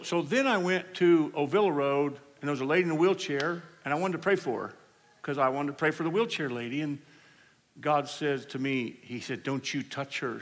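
A man preaching at a healing service, telling stories in an animated way and laughing along with the congregation. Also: fairly high pitch. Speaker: evangelist. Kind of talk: storytelling sermon. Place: church service. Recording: hall reverb, faint room noise.

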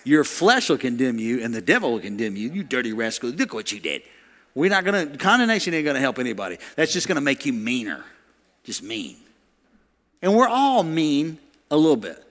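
A male pastor preaching a sermon, animated and laughing, acting out quoted voices. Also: mid-range voice, fairly quick, long reverb tail.

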